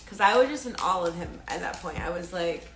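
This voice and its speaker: A woman's voice: on the low side, lively intonation, brisk, roomy sound, faint music behind. A young woman telling a personal story on a phone live stream, rambling with many fillers and restarts, casually swearing. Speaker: livestreamer.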